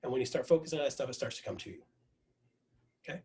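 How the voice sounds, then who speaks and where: Racing along in a mid-range voice, a man delivers an energetic team pep talk in an online video meeting. He relates a story stuffed with repeated lines.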